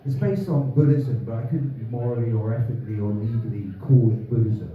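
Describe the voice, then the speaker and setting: Guy doing stand-up, deadpan jokes, far from the mic, tinny and echoey, crowd noise. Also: medium pitch, brisk. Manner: deadpan one-liners, chats with audience. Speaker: stand-up comedian. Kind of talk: live stand-up with crowd work. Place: comedy club, indoors. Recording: echoey venue from far off, phone-like band, crowd. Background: audience laughter.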